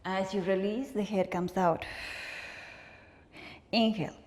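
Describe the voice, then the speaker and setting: A woman instructor calmly cueing a guided movement and breathing practice, counting reps and offering soft encouragement. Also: mid-range voice, slow pace. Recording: echoey room with long reverb.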